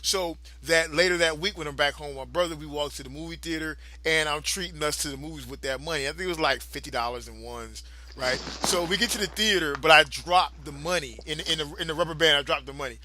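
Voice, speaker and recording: A man's voice: fairly high pitch, quick pace, sharp tone, a little hiss or hum. A man, co-hosting a podcast and telling a long profane story with frequent laughter. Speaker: podcast co-host. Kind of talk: casual storytelling chat.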